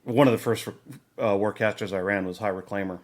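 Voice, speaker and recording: Male podcast host, lowish voice, casual and rambling. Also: brisk. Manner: rambling, many restarts and fillers. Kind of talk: casual hobby chat.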